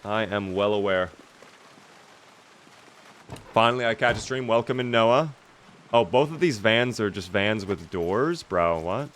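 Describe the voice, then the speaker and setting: A man's voice: fairly low pitch, expressive, measured pace, long pauses, a bit bright, a little hiss or hum. A young man streaming a zombie survival game, chatting casually and reading out viewer questions to answer them. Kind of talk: casual gameplay commentary reading chat.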